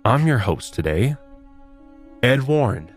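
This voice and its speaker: A male podcast host narrating with theatrical, mock-serious drama. His pitch swings widely from line to line. His voice sits at a middle pitch. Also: sing-song, takes it slowly, breathy edge, soft background music.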